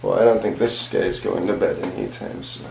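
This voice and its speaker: Deep mellow guy chatting easy for the vlog, echoey room, faint hiss. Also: a little fast, creaky. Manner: easygoing, explaining. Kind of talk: casual vlog chat.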